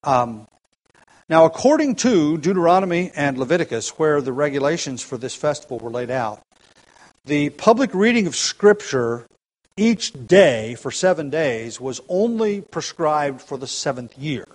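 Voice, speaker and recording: A man preaching a sermon at an evening church gathering, earnest and deliberate, slowing down and rising in force on key points. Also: fairly high pitch, big pitch swings, low-quality recording. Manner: earnest, builds emphasis by slowing down and getting louder.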